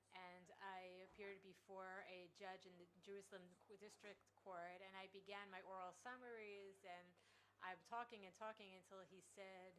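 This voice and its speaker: Woman interpreting a speech, halting. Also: mid-range voice, a bit bright, slight background noise, poor audio. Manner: halting, with frequent pauses and restarts. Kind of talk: simultaneous interpretation of a conference speech.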